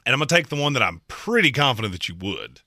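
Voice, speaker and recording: A man co-hosting a sports talk show, debating coaches in an emphatic, opinionated way with quick jokes. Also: medium pitch, big pitch swings, pushed and bright, dry recording, clean studio sound. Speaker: sports podcast co-host.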